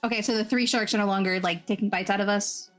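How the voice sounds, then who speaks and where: A woman player fires off questions at a fast clip. Her voice sits mid-range, with faint music underneath. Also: medium pitch, fairly even intonation. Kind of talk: casual tabletop game play.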